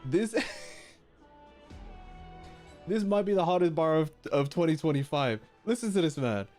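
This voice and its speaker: Excitable young male streamer. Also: a little high, fairly quick, faint music behind. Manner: excitable, laughing often, repeating lines he finds funny. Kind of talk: live reaction stream.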